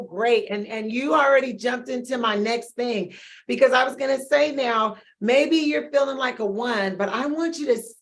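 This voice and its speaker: A woman hosting a live online wellness support group, encouraging viewers and reading out their chat messages with laughs and bursts of loud emphasis. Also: fairly high pitch.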